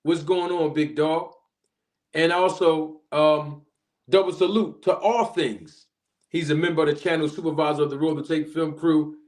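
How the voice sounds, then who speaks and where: A man hosting a live stream, chatting casually and giving animated shout-outs to viewers. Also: fairly high pitch, normal speed. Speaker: livestream host.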